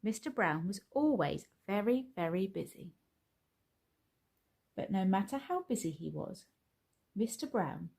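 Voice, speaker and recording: A woman reading a children's picture book aloud in a slow, expressive storytelling manner. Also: medium pitch, vocal fry, slightly rough.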